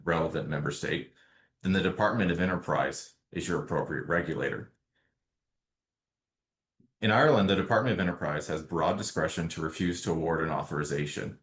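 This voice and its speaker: Man, deep voice, calm lawyer presenting a prepared webinar talk. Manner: measured, explains slide by slide. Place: remote setting, webinar.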